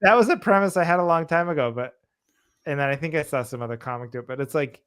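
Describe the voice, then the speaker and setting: Guy cohosting a comedy podcast, kinda high voice, rambly, does little voices for people he's quoting. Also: fast, clean tone. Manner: animated storytelling, acts out others' lines in a higher voice. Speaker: podcast co-host. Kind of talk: casual comedy podcast chat.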